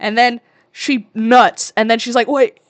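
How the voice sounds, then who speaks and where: A woman's voice: fairly high pitch, flat delivery, unhurried. A young woman in her twenties co-hosting a podcast, recapping a movie in a crude, sarcastic rant full of swearing. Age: 20s. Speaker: podcast co-host. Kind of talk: casual ranting movie recap.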